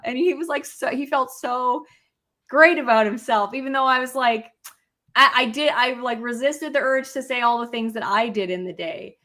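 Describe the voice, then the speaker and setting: Candid woman co-host, higher voice. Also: normal speed, sharp tone. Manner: candid, frank, sprinkled with "like". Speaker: podcast co-host. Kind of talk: casual chat.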